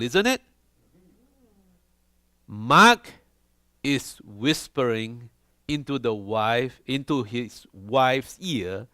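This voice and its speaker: A man preaching a sermon to a church congregation, animated and often checking in with his listeners. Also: mid-range voice, slow, no echo, studio quality. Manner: animated, asks the congregation questions. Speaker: pastor.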